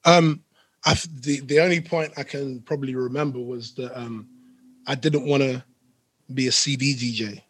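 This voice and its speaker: A man's voice: medium pitch, fairly even intonation, moderate pace, fairly bright tone, slightly rough, dry recording. A man, a guest DJ, telling rambling stories in a laid-back podcast chat. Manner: rambling, laid-back storytelling with London slang.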